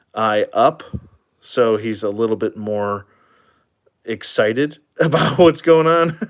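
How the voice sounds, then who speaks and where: A man giving a casual, rambling toy review, with frequent fillers and chuckles. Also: on the low side.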